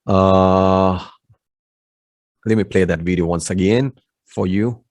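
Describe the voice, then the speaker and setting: Low gravelly guy teaching english sounds, super slow, patient, mm-hmm after every word, dry close mic. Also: fairly even intonation, a little mellow, dry recording. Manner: slow, patient drilling with short affirmations. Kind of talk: online pronunciation lesson.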